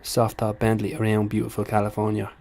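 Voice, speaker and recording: A man's voice: on the low side, completely flat delivery, a little fast, gravelly, a little mellow. A man doing an impression of a brash Dublin fighter in a comedy vlog, speaking with a swaggering Dublin accent. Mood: boastful. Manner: swaggering, self-assured, sweary. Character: brash Dublin fighter giving a motivational boast.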